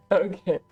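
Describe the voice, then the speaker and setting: Slow-reading woman streamer. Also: on the high side, a little mellow, breathy edge. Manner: slips, restarts and laughs at herself. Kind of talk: reading a story aloud on stream. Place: home streaming setup.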